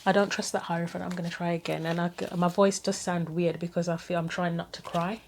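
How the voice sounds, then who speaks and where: A woman giving a casual tarot reading to camera, thinking aloud with frequent pauses, earnest and gently sympathetic. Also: fairly low pitch, little pitch movement, slight background noise. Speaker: tarot reader.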